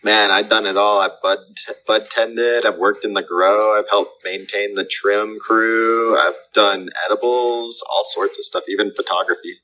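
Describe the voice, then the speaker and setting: Male guest in a voice chat, low-pitched and very bright, relaxed and agreeable. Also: measured pace, hardly any pauses, low-quality recording. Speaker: guest speaker. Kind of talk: casual group voice chat.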